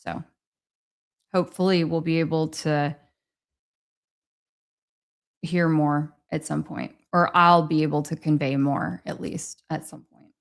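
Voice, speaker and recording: A woman's voice: sits low, steady tone, unhurried, gravelly, pauses often. A woman hosting a casual livestream, chatting with viewers and thanking them for their messages. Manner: chatty, reads and thanks viewers' super chats. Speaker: livestream host.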